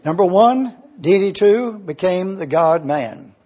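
A man preaching a teaching sermon, slow and deliberate, repeating key words and often clearing his throat. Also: sits high, expressive, warm tone. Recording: dull lo-fi recording.

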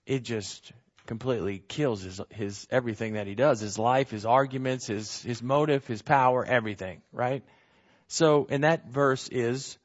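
Male preacher, mid pitch, emphatic and repetitive, dull lo-fi recording. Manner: repetitive emphatic preaching with frequent tag questions. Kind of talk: sermon.

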